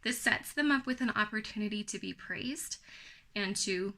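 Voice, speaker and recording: A young woman with a bright, forceful voice talks through a parenting lesson. Her delivery is firm and even, practical and encouraging, at an ordinary middle pitch. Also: normal speed. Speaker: parenting coach. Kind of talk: talking-head teaching video.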